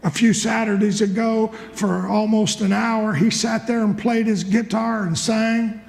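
High-voiced fervent male pastor preaching. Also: steady tone, measured pace, gravelly, big-room sound, soft background music. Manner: fervent, with rhythmic repetition and bursts of shouting. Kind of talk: sermon. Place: church.

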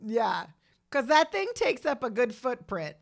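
A woman co-hosting a podcast, chiming in often and quick to laugh. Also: on the high side, sing-song, vocal fry. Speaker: podcast co-host. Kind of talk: casual chat.

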